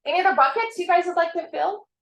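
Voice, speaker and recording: A woman's voice: very high-pitched, quick pace, roomy sound, rough recording. A woman hosting an office team meeting, enthusiastic and encouraging, full of praise for her colleagues. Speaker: host of a real estate team meeting.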